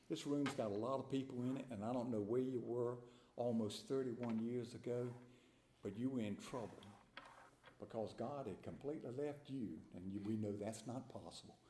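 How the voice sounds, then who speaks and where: A man's voice: mid-range voice, dark tone. An older man giving an earnest, emphatic personal testimony to a meeting room, often repeating words as he goes. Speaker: recovery meeting speaker. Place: large meeting room with an audience. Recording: echoey hall with faint room noise.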